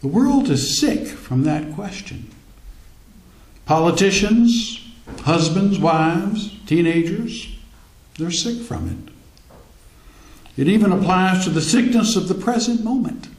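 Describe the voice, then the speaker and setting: A man's voice: takes it slowly, pauses often. A man who is a minister, delivering a wry, storytelling sermon while he has a cold. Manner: wry, storytelling, lively pitch. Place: church hall. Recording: echoey church hall.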